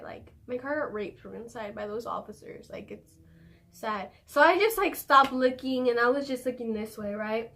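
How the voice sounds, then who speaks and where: A woman's voice: high-pitched, moderate pace, a bit bright. A young adult woman telling a story in casual vlog style, chatty and profane, full of fillers. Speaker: vlogger.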